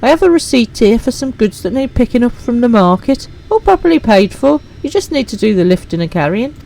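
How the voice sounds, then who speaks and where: A woman voicing a brisk, businesslike merchant companion in a game, chatty and upbeat. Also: a little high, big pitch swings, vocal fry, warm tone, pitched above the performer's own voice, full character voice, poor audio.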